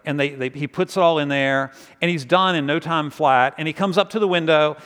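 A man preaching a sermon, telling a story in a conversational, animated way and then dropping to quiet intensity. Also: on the high side, brisk, smooth, in a large hall. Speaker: pastor.

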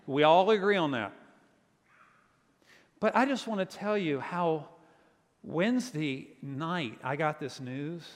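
A man from Virginia, a pastor preaching a sermon and telling stories with lively quoted voices. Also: fairly high pitch, slow pace, long pauses, big-room sound.

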